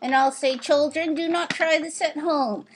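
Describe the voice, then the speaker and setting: A woman voicing Shu, a sock puppet briskly planning a puppet show routine. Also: high voice, steady tone, slight background noise, natural voice. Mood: playful. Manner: brisk, directing, playful.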